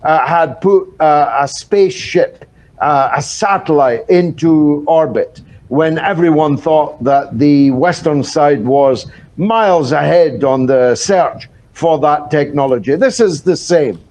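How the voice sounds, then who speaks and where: A man's voice: on the high side, a little mellow. Wry older man, many "uh"s. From Britain. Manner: rhetorical, wry, fills pauses with "uh". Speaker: political commentator guest. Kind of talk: live news interview.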